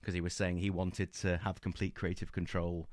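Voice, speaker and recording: Man, podcast co-host, low pitch, eager rambling chat, dry sound. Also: level tone, moderate pace, no room sound. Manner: enthusiastic, rambling with many fillers and restarts. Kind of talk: casual book-club chat.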